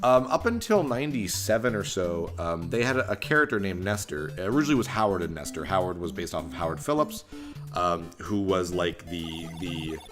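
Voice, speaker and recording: A young Canadian man with a low voice gives a casual, joking playthrough commentary, and his pitch swings up and down as he rambles. Game music plays steadily behind him. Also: lively intonation, brisk. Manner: joking, rambling, self-deprecating. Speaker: gaming channel host. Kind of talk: casual let's-play commentary. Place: home room, construction outside.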